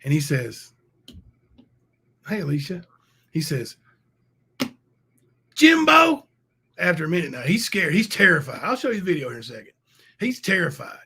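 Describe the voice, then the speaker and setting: A man's voice: a little high, very animated, fast talker, pushed and bright, husky. A man hosting a casual livestream, thanking viewers and ranting heatedly. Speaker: livestream host.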